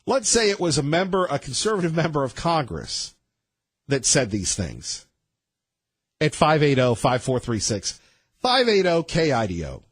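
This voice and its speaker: Male talk show host, husky voice, dry close sound, emphatic, rambling. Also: a little high, huge pitch swings, normal speed, no echo. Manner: emphatic, rambling, with many restarts. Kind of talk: talk radio monologue.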